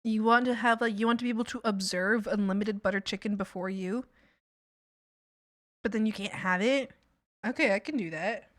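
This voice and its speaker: A woman's voice: mid-range voice, fairly even intonation, moderate pace, fairly bright tone, dry recording, studio quality. A woman streamer in casual livestream chat, talking in a playful, rambling, goofy way.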